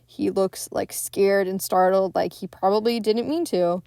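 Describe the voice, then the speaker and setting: A woman's voice: medium pitch, steady tone, measured pace, creaky, warm tone, smooth, no echo, studio quality. A woman hosting a podcast, chatting casually and profanely as she retells a movie scene by scene. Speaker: podcast host.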